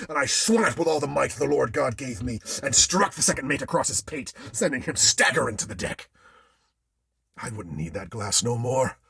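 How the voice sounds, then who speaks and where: A man spins a ghost tale in the manner of an old sailor at sea. His voice is gravelly and very husky, and it swoops widely in pitch. The dry, close sound keeps the theatrical telling intimate. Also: fairly bright tone, no room sound. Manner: old-time sailor's speech, theatrical delivery. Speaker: storyteller. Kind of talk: dramatic ghost story narration in character as an old sailor.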